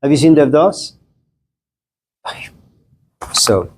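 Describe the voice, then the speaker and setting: A man's voice: a little high, animated, drawn-out words, darkish tone, slight background noise. A man giving a casual classroom lecture in a conversational, joking way, often speaking directly to his students.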